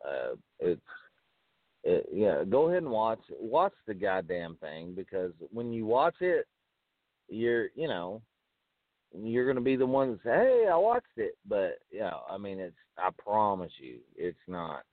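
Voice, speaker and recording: Lower-voiced dude rambling and hedging on a podcast, tinny dry sound. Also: male voice, big pitch swings, a little slow, dry recording. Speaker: podcast co-host. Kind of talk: casual profane chat. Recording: dry, phone-like narrow sound.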